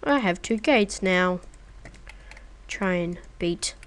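A woman's voice: lowish voice, lively intonation, takes it slowly, fairly bright tone. A woman giving casual, chatty let's-play commentary, talking playfully to her viewers. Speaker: gaming video creator.

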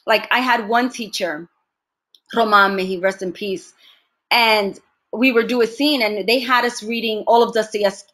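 An American actress, appearing as an interview guest, tells lively stories in a casual chat and laughs often. Her voice sits in the mid-range.

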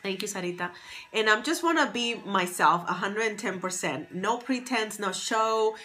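Bright, chatty woman streaming live. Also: medium pitch, moderate pace, soft background music. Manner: greets viewers by name, upbeat and chatty. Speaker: livestream host, fashion stylist and confidence coach. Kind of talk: casual live-stream chat. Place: at home near Boston. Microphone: phone.

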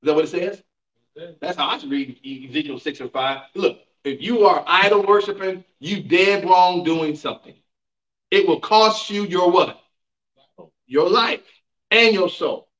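A roomy, dull recording from a distant mic captures a man pastor teaching Bible class in a church sanctuary. His voice sits high and a bit bright, a little slow, as he preaches emphatically and uses call-and-response and rhetorical questions with the congregation.

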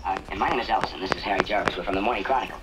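A man playing a polite male newspaper reporter who speaks formally and quickly. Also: fairly low pitch, very noisy, close to an everyday voice. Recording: dull lo-fi sound, loud music behind.

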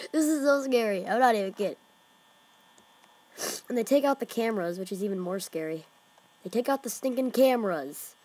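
A woman's voice: a little high, animated, a little slow, long pauses, a little mellow. A woman hosting a horror game let's play, jumpy and exclaiming, often dropping to whispers. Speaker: gaming channel host.

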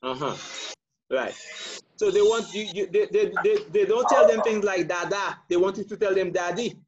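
A man's voice: sits high, moderate pace, muffled recording, a loud crowd. A man leading a church training course over a call, asking questions and affirming answers with frequent murmurs.

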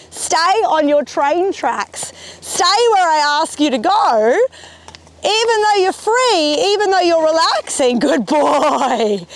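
A woman trainer talks a lesson through in the open air, with wind and rain around her. Her voice sits very high and swings up and down with lively energy. She is chatty and encouraging and coos praise to her horse as she goes. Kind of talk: outdoor training demonstration. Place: outdoors in windy, rainy weather.

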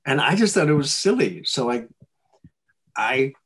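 A male actor telling stories in a casual interview, animated and chuckling, often restarting his sentences. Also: a little high, brisk, slightly rough. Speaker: actor guest.

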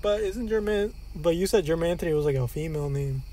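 A man's voice: a little high, fast talker, mellow, a little hiss or hum. Laid-back young man saying bro. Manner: laid-back, slangy, says bro a lot. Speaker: podcast co-host. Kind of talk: casual chat.

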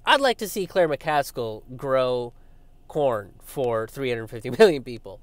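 A young man giving a casual political rant, animated and sarcastic, swearing often and mocking his opponents. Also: medium pitch, unhurried, no room sound. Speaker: political commentator. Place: outdoors by a road with passing traffic.

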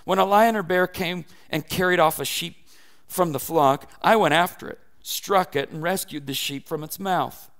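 A man's voice: fairly high pitch, normal speed, a bit bright. A man reading the part of a bold young shepherd, earnest and emphatic.

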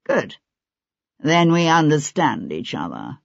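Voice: medium pitch, huge pitch swings, takes it slowly, creaky, dry recording, exaggerated voice. A reader voicing a cold, calculating older nobleman who speaks in a controlled, clipped way, in an audiobook. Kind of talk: audiobook character voice. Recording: dull lo-fi audiobook recording.

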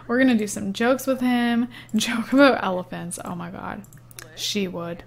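A young woman gaming YouTuber with a fairly high voice chats through a let's-play of a simulation game, casual and giggly, with lots of "um" and "like." She speaks a little slowly with some vocal fry, commenting easily on each move as she plays.

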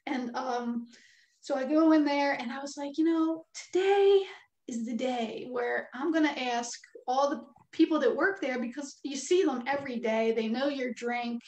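A woman co-hosting a casual chat, speaking eagerly with quick asides. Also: high voice. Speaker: co-host. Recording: echoey room.

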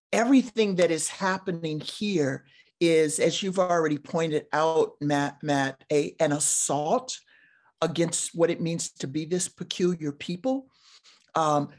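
A woman, a professor, discussing scripture over a video call in a halting, deliberate way, with frequent pauses and restarts. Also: low-pitched, darkish tone. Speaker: seminary professor. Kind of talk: conversational theology discussion.

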